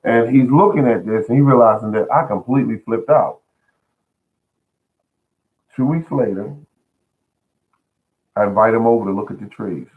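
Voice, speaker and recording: A man's voice: mid-range voice, moderate pace, long pauses. A man hosting a home gardening show, giving casual advice in a folksy, earnest way and often repeating words as he restarts. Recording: tinny phone-like sound.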